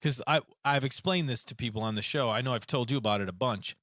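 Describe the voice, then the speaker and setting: A man on a casual podcast telling an animated, ranting story about phone calls and acting out both sides. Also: medium pitch, fast, no room sound, studio quality. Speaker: podcast co-host. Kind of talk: casual chat.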